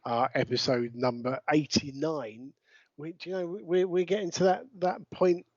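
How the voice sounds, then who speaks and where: A man's voice: fairly high pitch, fairly even intonation, unhurried, dry recording. A man co-hosting a casual podcast chat, rambling with fillers and restarts. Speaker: podcast co-host. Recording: dull lo-fi dry sound.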